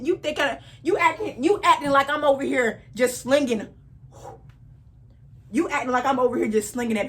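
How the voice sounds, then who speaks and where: A woman in her twenties telling a personal story in a casual vlog, animated and repeating phrases for emphasis. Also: on the high side. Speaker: vlogger.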